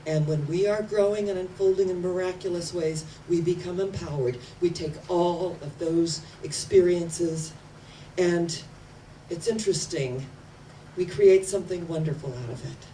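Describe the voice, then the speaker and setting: A woman's voice: on the low side, normal speed, warm tone. A woman in her sixties, a minister, preaching a sermon from a platform, emphatic and repeating words for effect. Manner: emphatic, repeating words with rising and falling intensity. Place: church platform. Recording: distant mic with faint room noise.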